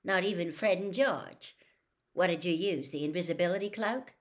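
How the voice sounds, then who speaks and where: A bitter, needling teenage boy wizard , as a woman reader puts him on, sniping with sarcasm. The voice sits slightly higher than her own low reading tone and pushes a little louder. It stays close to an everyday storybook-reading voice. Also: normal speed, lightly acted. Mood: bitter sarcastic.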